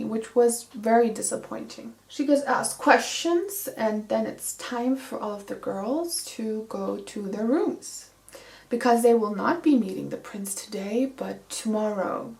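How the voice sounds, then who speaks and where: A woman giving a casual, sarcastic book recap, full of filler "like"s, recorded in an echoey room. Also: a little high. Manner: sarcastic, casual, lots of 'like'. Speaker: book reviewer.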